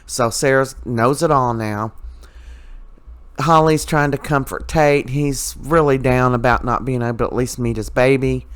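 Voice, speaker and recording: A man's voice: mid-range voice, a little slow, clean tone, dry recording. A man giving a casual, chatty soap opera recap, full of "you know" and "uh", with his own opinions mixed in.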